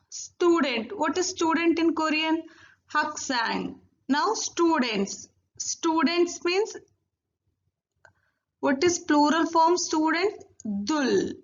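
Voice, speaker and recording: A woman teaching a recorded language lesson, saying each new word slowly and repeating it twice. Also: high voice, muffled recording.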